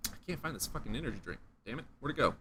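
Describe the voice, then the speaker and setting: A man's voice: medium pitch, expressive, rapid-fire, crowd noise. A man hosting a casual debate chat, ranting and swearing freely. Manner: profane, ranting. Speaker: streamer host.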